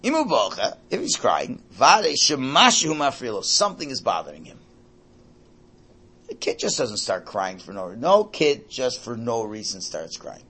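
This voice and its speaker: An older man teaching a religious class to a room, lively and animated, often checking in with his listeners. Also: mid-range voice, moderate pace, slightly rough. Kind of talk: lecture to a class.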